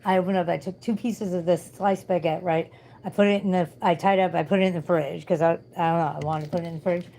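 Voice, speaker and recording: A woman's voice: lowish voice, fairly even intonation, fast talker, vocal fry, warm tone, a little hiss or hum, low-quality recording. A tired woman in pain, chatting bluntly and swearing through a casual livestream.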